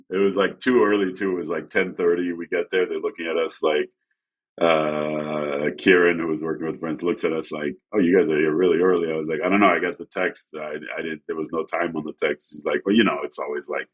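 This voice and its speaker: A man telling casual stories as a guest photographer, acting out quotes in an animated way. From France. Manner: animated, acts out quotes with shifting pitch. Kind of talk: casual storytelling.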